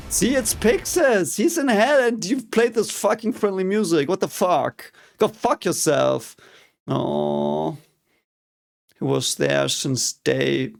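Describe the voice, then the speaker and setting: A man's voice: a little high, gravelly. A young German man with a German accent, reacting to an anime episode in casual commentary, frustrated and swearing often. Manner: frustrated, swears a lot, mock-cheering outbursts. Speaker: reaction video host.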